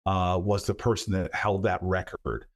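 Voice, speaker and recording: A man's voice: deep voice, little pitch movement, moderate pace. A middle-aged man, a senator, answering interview questions earnestly, often repeating words as he goes. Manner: earnest, stumbles and repeats words, acts out quoted voices. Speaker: senator and book author, guest.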